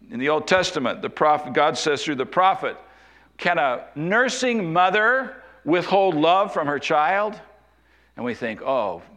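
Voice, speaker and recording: Man preaching a slow, emphatic sermon. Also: a bit bright. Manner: expository preaching, slows and drops low for emphasis. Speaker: pastor.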